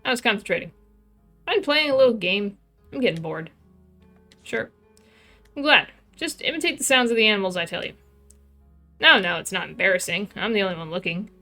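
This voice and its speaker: A woman's voice: mid-range voice, animated, a little fast, long pauses, sharp tone, soft background music. A woman streaming a game, chatting casually and playfully reading the characters' lines aloud in light voices.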